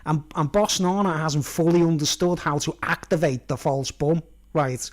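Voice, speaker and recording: A man's voice: a little high, moderate pace. A man rambling casually in a vlog, chuckling at his own jokes and checking in with "you know what I mean". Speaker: vlogger.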